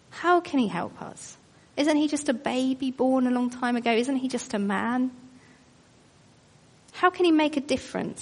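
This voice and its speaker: A woman preaching a sermon, earnest and questioning, telling it like a story. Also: high voice. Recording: long reverb of a large hall.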